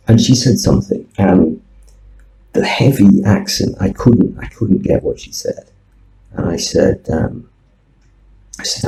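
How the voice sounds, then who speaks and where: A man with a low, gravelly voice tells wry, rambling anecdotes about his online students. His delivery is lively and full of ums, with a dark, mellow tone. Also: unhurried, pauses often, poor audio. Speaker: online English teacher. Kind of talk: casual anecdotal vlog.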